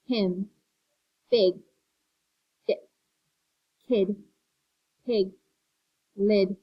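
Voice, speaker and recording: A woman's voice: medium pitch, sharp tone, husky, no room sound, rough recording. A woman teaching first graders an online phonics lesson, spelling words letter by letter and praising them.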